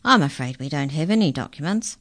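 A woman voicing a polite, helpful talking mouse who explains things calmly. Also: low voice, fairly quick. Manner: calm, courteous, explaining.

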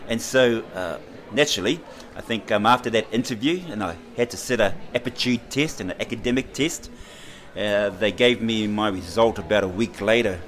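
A middle-aged man with a New Zealand accent, a guest recounting his own story in an unhurried way, with frequent hesitations and lively quoted voices. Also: fairly low pitch. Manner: unhurried, animated when quoting others, with many hesitations. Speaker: interview guest. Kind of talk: reflective personal storytelling.

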